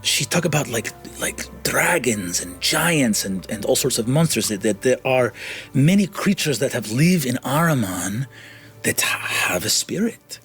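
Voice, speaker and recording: A man running a tabletop game as game master, recapping in halting bursts and growing animated over combat. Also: medium pitch, soft background music. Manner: halting, full of restarts, animated when describing action.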